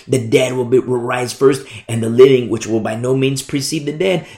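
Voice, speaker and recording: A man preaching a Bible sermon in an animated way, acting out quoted voices and stumbling over words. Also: medium pitch, echoey room.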